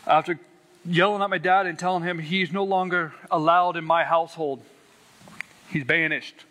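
A man's voice: fairly high pitch, steady tone, moderate pace, bright, forceful tone. A man earnestly telling his personal faith testimony, stressing words and repeating them for weight. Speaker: Christian sharing a testimony.

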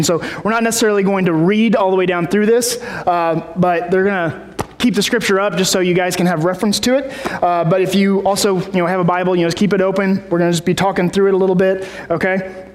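High-voiced preacher in an echoing hall. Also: male voice, steady tone, fast. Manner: rambling, many fillers and restarts. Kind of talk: casual sermon.

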